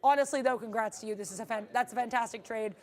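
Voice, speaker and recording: A woman with a somewhat high voice chats through her live trades in an upbeat, loose way. She restarts sentences often and fills gaps with "um" and "like." The tone is friendly, casual stream talk. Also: quick pace. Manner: upbeat, rambling, many fillers and restarts. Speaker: day-trading stream co-host. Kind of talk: live trading commentary.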